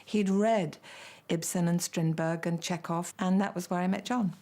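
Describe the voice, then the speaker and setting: A woman's voice: fairly low pitch, steady tone, moderate pace, warm tone. An older woman in a documentary interview, candidly and animatedly remembering her late husband. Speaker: interviewee, widow.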